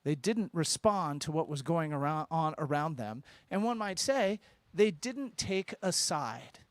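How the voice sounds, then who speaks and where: A man teaching a congregation in a synagogue, lively and informal, with joking asides and questions to the room. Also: fairly high pitch, a little slow, dry recording. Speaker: rabbi teaching at a Shabbat service. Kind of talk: interactive sermon with congregation. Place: synagogue sanctuary.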